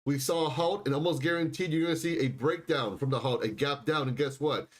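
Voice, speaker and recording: A man hosting a live stock and crypto stream, talking insistently and repeating himself, often clearing his throat. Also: fairly high pitch, fairly quick. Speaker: livestream stock and crypto host. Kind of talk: live market commentary.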